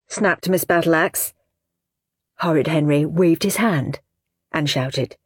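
A woman reading a children's storybook aloud with expressive narration. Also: low voice, takes it slowly, slightly rough, dry recording, studio quality.

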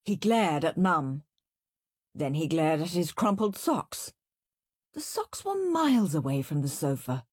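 A woman reading a children's storybook aloud, narrating with expressive, animated delivery. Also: low-pitched, a little slow, breathy edge, dry recording, studio quality.

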